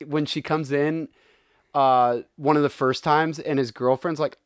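A man's voice: on the high side, fairly even intonation, measured pace, clean tone, no room sound, studio quality. A man co-hosting a movie podcast in casual chat, talking in an eager, rambling way and often repeating favorite lines.

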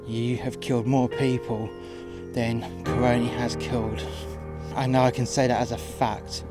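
Man, furious profane rant, mid-pitched voice, over clear guitar music. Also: level tone, measured pace. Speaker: podcast narrator, door staff. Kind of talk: angry monologue rant.

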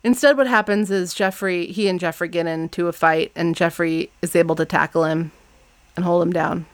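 A woman's voice: fairly low pitch, steady tone, normal speed, no room sound. A woman hosting a casual podcast, chatting about a book series, laughing often and acting out scenes as she retells them. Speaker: podcast host recapping books.

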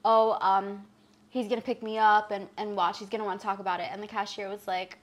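A woman's voice: mid-range voice, level tone, brisk. A young woman as a podcast guest, chatting casually, asking curious questions and laughing often. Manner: curious, giggly, asks questions. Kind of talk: casual chat.

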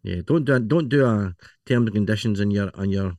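A man's voice: lowish voice, brisk, a little mellow, no room sound. A man co-hosting a podcast, easygoing and agreeable in casual chat. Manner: easygoing, agreeable, many short backchannels. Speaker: podcast co-host.

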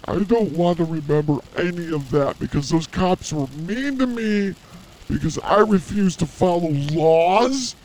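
A man's voice: sits high, expressive, a little slow, a little mellow. Crude, joking man in his fifties. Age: 50s. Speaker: podcast co-host. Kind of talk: casual comedic podcast banter.

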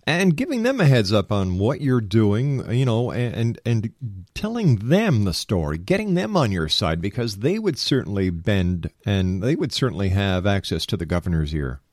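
A man hosting a radio talk show from Canada, interviewing a guest in a lively, conversational way. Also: lowish voice, normal speed, no room sound, studio quality. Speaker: radio host.

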